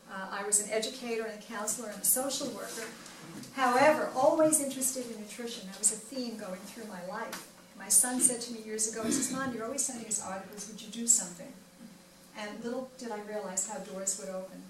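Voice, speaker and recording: Older woman, wellness speaker, animated storyteller, slightly high voice, distant mic, echoey room. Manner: animated storytelling with quoted dialogue. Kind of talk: personal testimony talk. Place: library event room. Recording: echoey room from far off, noisy.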